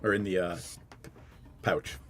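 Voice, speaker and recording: A man's voice: deep voice, level tone, normal speed, a bit bright, faint music behind. A man narrating as dungeon master of a tabletop game, loose and joking.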